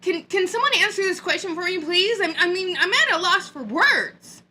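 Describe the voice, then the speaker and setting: Sarcastic woman ranting, high bright voice. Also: expressive, moderate pace. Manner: sarcastic, mocking, emphatic. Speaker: vlogger. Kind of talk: ranting commentary vlog. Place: hot upstairs room with air conditioner.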